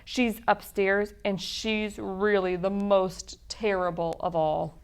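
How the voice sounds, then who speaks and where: A woman's voice: mid-range voice, little pitch movement, slow, smooth. A woman voicing a young beast brother in a storybook reading, matter-of-fact and told-you-so.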